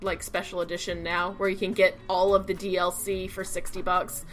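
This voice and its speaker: A woman's voice: on the low side, level tone, normal speed, faint music behind. A woman co-hosting a podcast in casual chat. She talks with enthusiasm, swears freely and often restarts her sentences. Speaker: podcast co-host.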